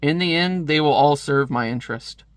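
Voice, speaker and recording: A man's voice: on the high side, normal speed, no echo, natural voice. A man voicing a scheming arms-dealer villain in a cold, contemptuous manner. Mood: scornful.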